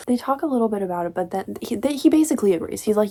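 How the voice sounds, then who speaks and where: A woman's voice: mid-range voice, animated, quick pace, few pauses, warm tone. A woman casually ranting as she reviews a book, chatty and exasperated, with lots of "like.".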